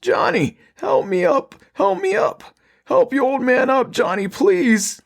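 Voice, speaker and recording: A man voicing a creature that imitates an old father, crawling and pleading in a raspy, high, wailing voice. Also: big pitch swings, slow, exaggerated voice.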